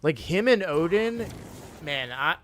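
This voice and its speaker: A man's voice: on the high side, animated, takes it slowly, a bit bright, slight background noise. A man chatting casually on a game live stream, sleepy and yawning, rambling with frequent restarts.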